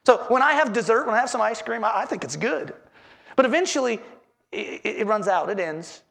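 A man's voice: sits high, expressive, a little fast, creaky, fairly bright tone. A man preaching a sermon as pastor, earnestly repeating his headings and asking the congregation questions.

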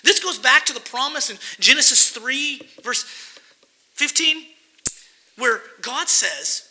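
This pastor's voice sits unusually high for a man and sounds bright and sharp as he works slowly and expressively through an expository sermon. He reads passages of scripture, then explains them with earnest emphasis. The recording quality is low.

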